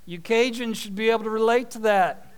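Male preacher, high and crisp, animated sermon delivery with homey humor. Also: brisk. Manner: animated storytelling with folksy asides.

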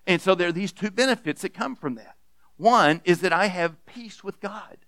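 High-voiced earnest male pastor preaching. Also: moderate pace, no room sound. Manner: earnest, repeats words when restarting, swings between loud emphasis and hushed softness. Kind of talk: sermon.

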